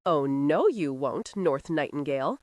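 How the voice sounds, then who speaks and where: A woman's voice: deep voice, expressive, a little slow, darkish tone, no echo. A woman voicing a spirited, headstrong young woman of nineteen who speaks in a firm, defiant way in an audiobook.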